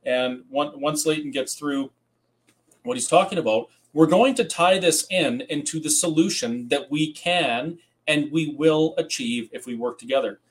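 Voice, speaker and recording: A man's voice: a little high, measured pace. Earnest man hosting a webinar. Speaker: webinar host.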